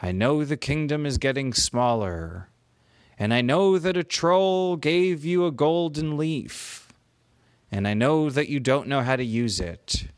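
A man voicing a wise, knowing male unicorn in a made-up children's story, speaking with calm assurance. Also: mid-range voice, measured pace, clear, resonant tone, no echo, lightly acted.

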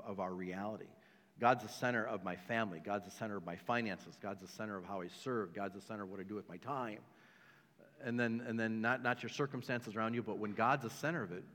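Speaking at a medium pitch with a touch of brightness, a man preaches to his congregation in a church sanctuary, emphatic, repetitive, and given to joking asides. The sound has long hall reverb.

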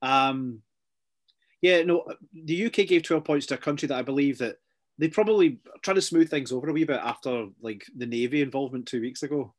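A middle-aged man, chatting casually as a podcast co-host, sardonic and full of quick asides. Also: mid-range voice. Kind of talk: casual chat.

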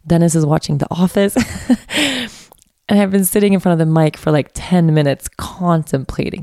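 Worn-out woman host recording a late-night solo podcast; lowish gravelly voice, laughs easily, rambling. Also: lively intonation, moderate pace, darkish tone, no echo, studio quality. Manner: tired, giggly, rambling with restarts. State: exhausted. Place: quiet room at a retreat. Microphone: studio mic set up in room.

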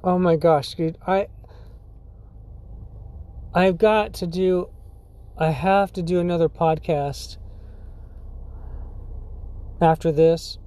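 High, mellow-voiced man, rambling laid-back podcast host, cusses a lot. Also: steady tone, slow pace, long pauses, smooth. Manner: rambling, full of likes, dudes and swearing; laughs often. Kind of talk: casual storytelling.

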